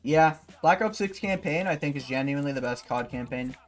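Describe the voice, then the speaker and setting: A man's voice: on the high side, fairly quick, faint music behind. A man livestreaming while gaming, chatting casually and rambling, swearing freely and leaning on fillers.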